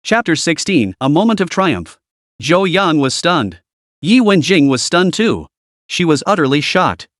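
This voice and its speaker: A man narrates a web-novel style story with dramatic flair and a lively, rising and falling delivery. His voice sits fairly high, and the recording is dry and close with no room sound. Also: a little slow, dry recording.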